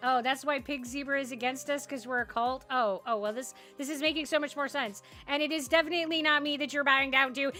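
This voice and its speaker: Bubbly high-voiced woman streamer. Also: steady tone, fast, few pauses, sharp tone, faint music behind. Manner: bubbly and giggly, self-deprecating. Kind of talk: casual live-stream chat. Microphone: headset.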